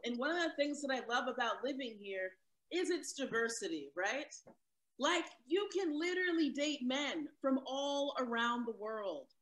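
A woman's voice: sits high, animated, moderate pace, a bit bright, slight background noise, rough recording. A woman doing a stand-up set, with a wry, punchy delivery and asides to the audience. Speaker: stand-up comic. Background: crowd laughing.

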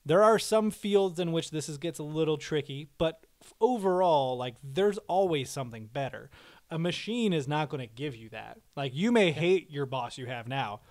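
Animated higher-voiced man. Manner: animated, quick to jump into playful voices. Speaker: podcast co-host. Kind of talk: casual chat.

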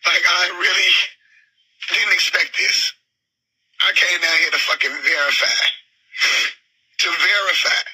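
A woman in an angry, profane rant, shouting and agitated, saying she is overheated and upset. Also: fairly low pitch, unhurried, long pauses, husky, rough recording. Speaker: woman in a viral video. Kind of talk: angry ranting monologue.

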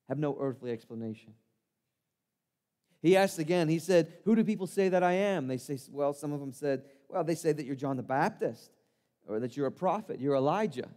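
A man performing a first-person monologue as the disciple Peter, an impulsive, earnest fisherman, telling his story in a conversational, self-deprecating way in a church sanctuary. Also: sits high. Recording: long reverb of a church hall.

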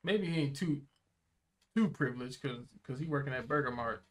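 A man's voice: medium pitch, normal speed. A young man co-hosting a reaction video, giving slangy, jokey running commentary as he watches.

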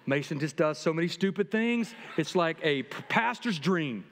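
A middle-aged man, a pastor, preaching a sermon to his congregation in a lively, humorous way that speaks straight to the people. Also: a little high, moderate pace, a little hiss or hum. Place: church sanctuary. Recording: long reverb from a church hall.

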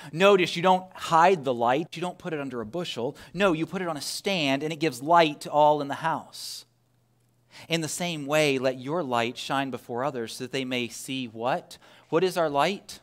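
Fairly high-voiced male pastor preaching. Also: moderate pace. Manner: conversational, swings between loud emphasis and hushed near-whisper; asks the congregation many rhetorical questions. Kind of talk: sermon. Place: church sanctuary.

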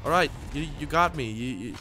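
A young man giving excitable gameplay commentary as host, swearing and bursting into sudden yells. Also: mid-range voice, brisk, soft background music. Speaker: gaming channel host.

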